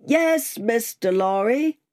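A woman voicing a hoarse male messenger who calls out persistently, in an audiobook. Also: sits low, big pitch swings, measured pace, a little mellow, heavily acted. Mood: calling. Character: hoarse male messenger on horseback, calling from afar. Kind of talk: audiobook character voice.

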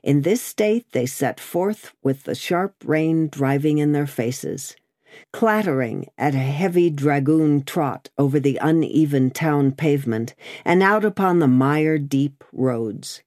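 Measured audiobook narrator, dry sound. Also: medium pitch, expressive, a little mellow, no room sound. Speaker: audiobook reader. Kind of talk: scripted narration of a classic novel.

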